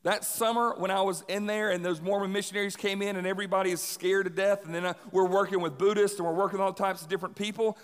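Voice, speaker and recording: A young adult man preaching a sermon in a casual, energetic way, repeating key lines for emphasis. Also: high-pitched, fast, few pauses, smooth. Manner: energetic, conversational, emphatic repetition. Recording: long hall reverb.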